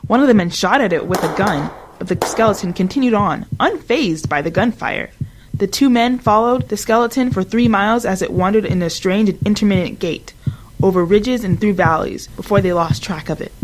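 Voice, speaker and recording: A woman narrates a desert ghost legend from a script. Her pitch sits in the middle, and she keeps an even, measured storytelling pace. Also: noisy background.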